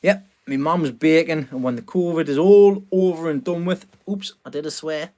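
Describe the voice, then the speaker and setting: A man's voice: a little high, moderate pace, mellow. A man chatting casually on a live stream from a small greenhouse at night, greeting viewers and laughing often. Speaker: vlogger hosting a live stream.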